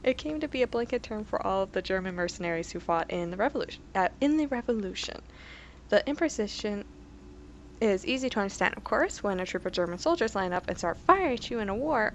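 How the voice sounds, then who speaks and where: A woman's voice: medium pitch, expressive, brisk, a little hiss or hum. A woman doing casual let's play commentary, reading game entries aloud in a chatty, self-correcting way with giggly asides.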